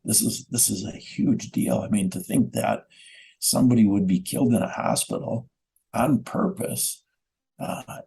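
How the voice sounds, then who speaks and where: A middle-aged man with a gravelly, fry-laden voice, testifying in a radio interview. His tone is dark and mellow, and he lays out times and doses methodically. He speaks earnestly and insistently. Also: on the low side, low-quality recording. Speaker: guest, bereaved father.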